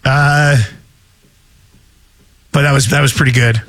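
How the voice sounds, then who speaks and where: A man's voice: medium pitch, fairly even intonation, slow, fairly bright tone. A man hosting a radio show, joking casually and laughing often.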